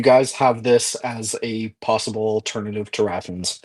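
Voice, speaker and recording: A man running a tabletop game as game master, describing events slowly with many pauses and fillers. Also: fairly low pitch. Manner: slow, halting, many fillers.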